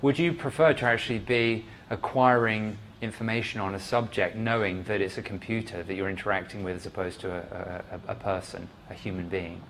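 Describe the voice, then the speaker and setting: A man's voice: fairly low pitch, fairly even intonation, a little fast, hardly any pauses, a bit bright, slight background noise. A man moderating a panel discussion, asking probing follow-up questions. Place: meetup event room.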